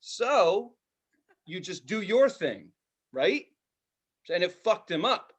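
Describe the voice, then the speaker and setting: A man co-hosting a podcast, telling a profane, animated story in casual chat, now and then shouting loudly. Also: high voice, takes it slowly, slightly rough. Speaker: podcast co-host.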